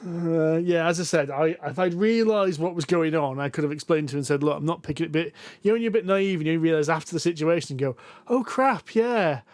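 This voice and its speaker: A man's voice: on the high side, quick pace, hardly any pauses, darkish tone, no room sound. A man, co-hosting a board game podcast, chatting casually and telling stories with self-deprecating rambling. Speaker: podcast co-host. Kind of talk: casual chat about board games.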